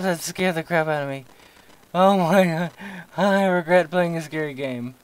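A man's voice: fairly high pitch, normal speed, clean tone, low-quality recording. A young man commentating his own horror gameplay, talking to himself with jokes and yelping when startled. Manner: jumpy, yelps when startled, jokey self-talk. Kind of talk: horror game let's play commentary.

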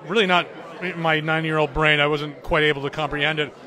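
Bright-voiced man in his fifties. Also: a little high, steady tone, fast, some chatter behind. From Provincetown, Massachusetts. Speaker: film cast or producer. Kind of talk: interview answers.

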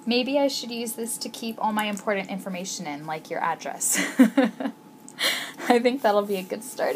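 A woman's voice: medium pitch, expressive, normal speed. A woman vlogger unboxing a crafting package, gushing with gasps and exclamations. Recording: noisy home recording.

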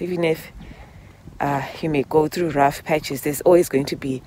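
A woman's voice: deep voice, moderate pace, warm tone, slight background noise. A woman vlogger talking heart to heart while walking outdoors, emotional and rambling, sometimes laughing through tears. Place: outdoors on a walk in public.

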